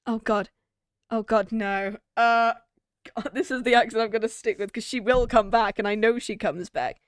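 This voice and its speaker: A woman's voice: on the high side, fairly even intonation, normal speed, smooth, no echo. A woman streamer casually commentating on a game, chatty with joking asides. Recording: loud game music behind.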